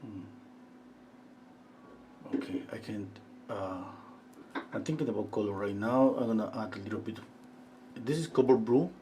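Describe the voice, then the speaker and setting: Calm, musing male painting teacher. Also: on the low side, slight background noise. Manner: calm, musing, talks to himself while working, many pauses. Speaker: art teacher painting live. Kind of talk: thinking-aloud painting demonstration.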